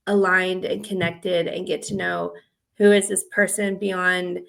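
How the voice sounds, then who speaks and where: A woman's voice: on the low side, level tone, a little slow, vocal fry, fairly bright tone. A woman from the American South co-hosting a romance writing podcast, talking in a chatty, rambling way with lots of fillers. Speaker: podcast co-host and romance author. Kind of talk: casual chat.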